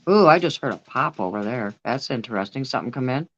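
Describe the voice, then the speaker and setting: A woman's voice: rumbling low, expressive, quick pace, lo-fi sound. A woman paranormal investigator chatting casually while filming, cooing at her dog now and then. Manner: coos and baby-talks to her dog.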